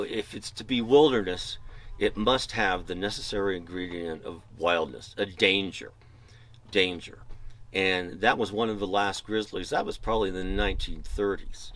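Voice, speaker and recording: A man's voice: deep voice, a bit bright, poor audio. A man, a former fire lookout, telling rambling, digressive stories with wry, self-mocking humor in an oral history interview at a mountain lookout.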